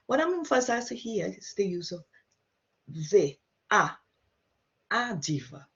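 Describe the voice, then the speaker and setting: Over a video call with dull, lo-fi audio, a woman teaches Portuguese to beginners, chatting through each point and checking understanding with frequent "okay?"s. Her slightly gravelly, husky voice is mid-range with big pitch swings, and she speaks slowly with long pauses.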